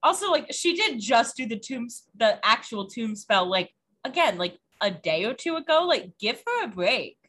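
Woman co-host, casual and jokey, clear bright tone. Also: on the high side, sing-song, normal speed. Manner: chatty, uses "like" a lot, jokey asides. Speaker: podcast co-host. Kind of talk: casual recap chat.

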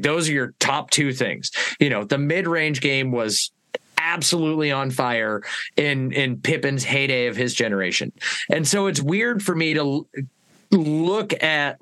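Man, mid-range voice, casual sports podcast co-host, deliberate, long explanations. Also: mid-range voice, sharp tone.

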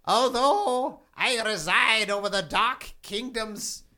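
Performer as theatrical male king of hell, four-armed, bright voice, slow swooping delivery. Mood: ominous. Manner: grandiose, theatrical, booming pronouncements. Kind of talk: comedy podcast character bit.

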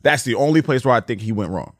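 Animated young man, lively pitch. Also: fast, no room sound, studio quality. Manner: animated, swearing, emphatic. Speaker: podcast co-host. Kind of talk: casual group chat.

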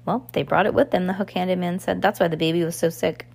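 A woman's voice: lowish voice, fairly even intonation, fast, gravelly, a little mellow. A woman voicing a dim, hulking male henchman in a storybook reading, with a plodding delivery. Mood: grumbling.

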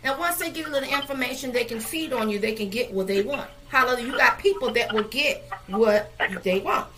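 A woman's voice: on the high side, fairly quick, sharp tone. A woman leading a Bible study, preaching fervently with frequent amens and hallelujahs and many fillers.

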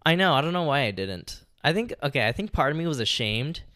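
A man's voice: on the high side, very animated, fast talker, sharp tone, dry recording. A young man on a podcast telling a story in casual, rambling chat, swearing often and filling gaps with "like" and "you know". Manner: rambling, profane, heavy use of "like" and "you know". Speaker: podcast co-host.

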